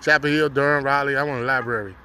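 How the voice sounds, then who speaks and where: A man's voice: medium pitch, steady tone, fast talker, pushed and bright, a little hiss or hum. A man from North Carolina, vlogging casually outdoors on a city street and talking loosely in slang with frequent laughs. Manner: laid-back slangy street talk, laughs often. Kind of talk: casual vlog talk to camera.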